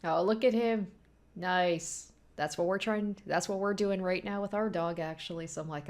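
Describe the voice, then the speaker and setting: A woman talks her way through an anime episode in a loose, chatty reaction style. She laughs often and slips into little quoted voices of the characters. Her voice sits a touch lower than most. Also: moderate pace. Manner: chatty, animated, lots of "like" and laughter. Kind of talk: casual reaction commentary.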